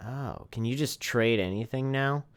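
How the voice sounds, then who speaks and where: A man with a smooth, mid-range voice at a moderate pace gives casual let's-play commentary on a game stream. He reads the on-screen text aloud and jokes at his own expense in a self-deprecating way.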